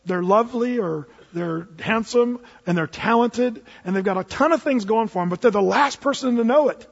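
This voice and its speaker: Brief: male preacher, high husky voice, lively storytelling sermon, muffled recording in a reverberant hall. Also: normal speed. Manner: animated storyteller, swings from loud to hushed, jokes. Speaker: pastor.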